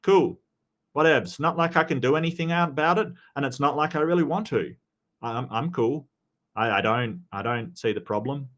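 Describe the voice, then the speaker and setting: A man's voice: mid-range voice, normal speed, fairly bright tone. A man giving casual commentary on video clips, rambling and often stammering as he restarts his sentences. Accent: non-American.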